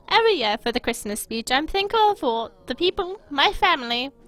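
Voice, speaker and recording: A woman's voice: high voice, big pitch swings, normal speed, a bit bright, soft background music. A woman putting on the voice of an aging female British queen giving a speech, giggling through it. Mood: regal. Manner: giggling through a mock royal address.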